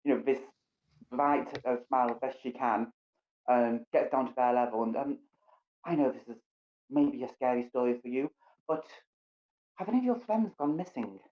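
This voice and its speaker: A woman playing a tabletop game, speaking gently and earnestly with some hesitation. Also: extremely low pitch, moderate pace, long pauses. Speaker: player. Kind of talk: in-character tabletop play. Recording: dull lo-fi recording.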